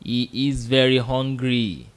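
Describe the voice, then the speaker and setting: Ein Mann mit nigerianischem englischen Akzent unterrichtet live im Radio Arabisch. Er spricht geduldig, wiederholt Wörter langsam zum Nachsprechen und lacht zwischendurch leise. Eine ganz gewöhnliche Studiostimme in mittlerer Tonlage. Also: male voice, mid-range voice, steady tone. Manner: patient, repeats words slowly for drilling, chuckles often. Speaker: radio Arabic teacher and host. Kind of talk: live radio language lesson.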